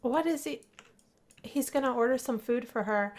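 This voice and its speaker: Excitable woman narrating a life-sim game. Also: on the high side, a little slow. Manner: chatty and excitable, gasping and gushing over the game. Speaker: gameplay narrator. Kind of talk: casual let's play commentary.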